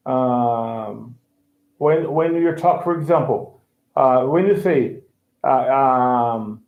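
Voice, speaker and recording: A man's voice: mid-range voice, takes it slowly. A man teaching English in an online lesson, explaining with many restarts and checking that he is understood. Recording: echoey tinny online call.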